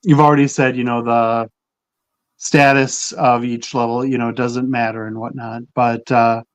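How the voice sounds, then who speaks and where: A man with a Minnesotan accent hosting a casual interview, asking questions in a relaxed way with many fillers. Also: medium pitch, a little slow.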